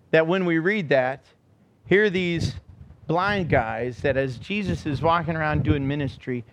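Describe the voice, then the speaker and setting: High-voiced animated male pastor. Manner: animated, acts out quotes, joking. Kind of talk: sermon. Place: church.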